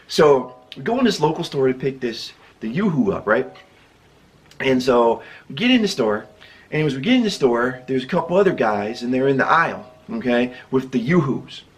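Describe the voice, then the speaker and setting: A man from the Midwest tells a story to his channel's viewers at an easy, middling pitch. He rambles, doubles back on himself and keeps breaking into laughter. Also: big pitch swings, normal speed. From American Midwest. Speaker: YouTube storyteller. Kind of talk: casual storytime narration.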